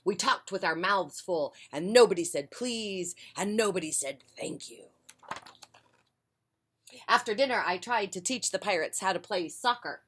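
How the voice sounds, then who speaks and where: A woman reading a children's picture book aloud on a porch, with a gentle, friendly delivery. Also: medium pitch, lively intonation, unhurried, slightly rough. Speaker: children's storyteller.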